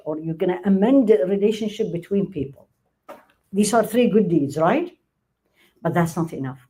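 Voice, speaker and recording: Animated woman teaching a religious class. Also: mid-range voice, rough recording. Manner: animated, acts out quoted speech, laughs often. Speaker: Islamic teacher. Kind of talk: religious lecture to a live class.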